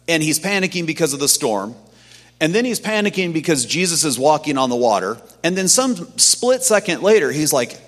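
A man preaching a sermon in a conversational, animated storytelling manner, acting out quotes from the stories he tells. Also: a little high. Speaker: pastor. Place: church sanctuary. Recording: long hall reverb.

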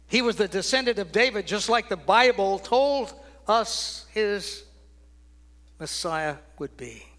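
An older man preaching a sermon, swinging from loud, ringing declarations down to hushed, almost whispered lines. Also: high-pitched, animated, takes it slowly.

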